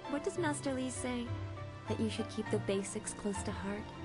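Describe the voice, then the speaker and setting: An actress voicing a poised, proud young woman with spiritual insight in a video game, speaking in a cool, measured, dryly cutting way, with game music behind. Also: on the high side, close to an everyday voice, low-quality recording. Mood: earnest.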